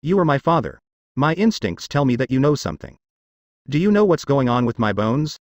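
A defiant young man, cold and cruel, his lines carried by a lively, moving pitch as a male narrator voices him. The reading stays even and unacted, with a dry, close sound. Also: a little fast, no room sound, highs cut off, natural voice. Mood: confrontational.

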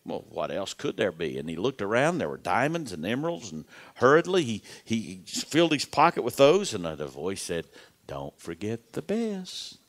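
A man delivers a sermon, his low voice rising and falling through a wide, animated range. He tells stories with dramatic emphasis, repeats phrases, and sinks into near-whispers for effect. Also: moderate pace, hardly any pauses. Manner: dramatic storytelling with sudden drops to a hushed whisper. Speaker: pastor.

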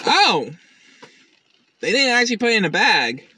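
A man's voice: high-pitched, big pitch swings, normal speed, pushed and bright, husky. A tired man chatting casually and rambling as he hosts an unboxing vlog. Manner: chatty, rambling, with restarts and fillers. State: tired, up since early morning. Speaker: YouTube unboxing host.

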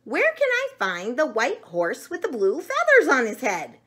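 A woman's voice: huge pitch swings, unhurried, pushed and bright, full character voice. A woman voicing a small male chicken who squawks his lines in distress. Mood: demanding. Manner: squawking and shrill.

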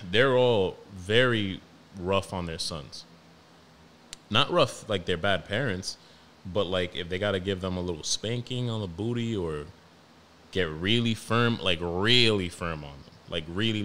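Man, New York accent, young adult, lowish voice, profane animated podcast storyteller, faint noise behind. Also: measured pace. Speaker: podcast host. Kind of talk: casual storytelling monologue.

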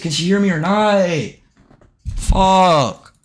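A man's voice: medium pitch, animated, moderate pace, fairly bright tone. A young man live streaming and video-chatting with strangers, brash and heavy on profanity, talking straight to his chat.

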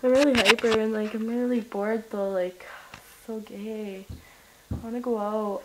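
Young woman, giddy sing-song rambling, higher voice, roomy echo. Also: measured pace. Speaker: vlogger. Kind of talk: rambling casual vlog. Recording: echoey room.

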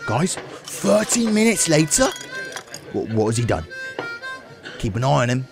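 A man doing excitable let's-play commentary on a video game, laughing and exclaiming often. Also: fairly high pitch, measured pace, creaky, long pauses. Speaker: gaming YouTuber. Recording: game music behind voice. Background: game music.

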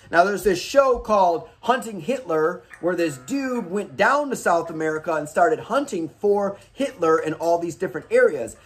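A horror movie host giving daily picks in a casual, rambling rant full of swearing and tangents. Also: mid-range voice.

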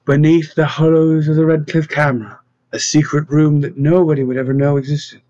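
Man reading a storybook, higher voice. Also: level tone, fairly quick, mellow, no room sound. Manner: reads dialogue with small voice changes. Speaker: narrator. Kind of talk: storybook narration. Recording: dull, dry close recording.

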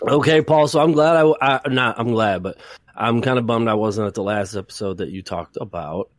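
A man's voice: lowish voice, normal speed, no room sound, studio quality. A man co-hosting a casual podcast chat, swearing often and laughing between lines. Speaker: podcast co-host.

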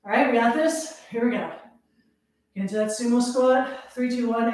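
A woman's voice: on the high side, normal speed, darkish tone, far from the mic. Winded woman counting reps in echoey room. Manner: counts reps aloud, winded, laughs at herself. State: out of breath. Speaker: fitness instructor. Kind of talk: live workout instruction.

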